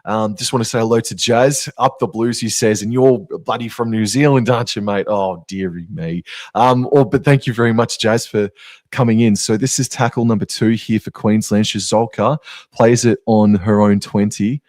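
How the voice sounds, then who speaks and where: A man's voice: fairly low pitch, fairly even intonation, normal speed, darkish tone, no room sound. A man with an Australian accent co-commentating a live match in a casual, chatty way full of slang. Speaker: sports co-commentator.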